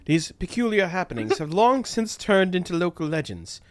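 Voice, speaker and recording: A man's voice: high-pitched, big pitch swings, normal speed, no echo, voice pushed up. A man voicing a playful young woman crew member, reading her lines in an attempted Caribbean accent that slides toward British. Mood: playful teasing. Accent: attempted Caribbean, slipping toward British. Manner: reading a game script aloud with asides.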